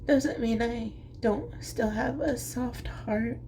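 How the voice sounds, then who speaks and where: A young woman vlogging, speaking through tears in a small voice, halting and soft, with whispery asides. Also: on the high side, vocal fry, a little hiss or hum. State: crying. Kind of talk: tearful confessional monologue.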